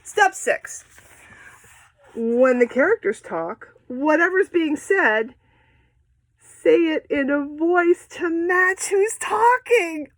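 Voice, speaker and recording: A woman walks children through reading aloud in a bright, sing-song teaching voice that swoops up and down. She takes her time, speaking slowly and clearly. The recording is close and dry. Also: extremely high pitch, dry recording. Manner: animated, sing-song and encouraging, acting out story voices. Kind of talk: instructional read-aloud guidance for children.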